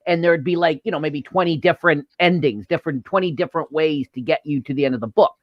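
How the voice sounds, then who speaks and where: A man with a slightly high voice talks eagerly, stumbling over restarts and fillers. His audio is dull and bone-dry, as if from a basic online call. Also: fast, no room sound. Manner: restarts, filler-heavy, enthusiastic. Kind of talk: casual chat.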